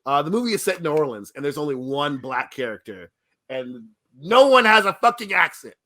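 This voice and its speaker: A man's voice: a little high, sing-song, a little fast, pushed and bright. A man co-hosting a podcast, giving a blunt, complaining movie review in casual chat and laughing often. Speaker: podcast co-host.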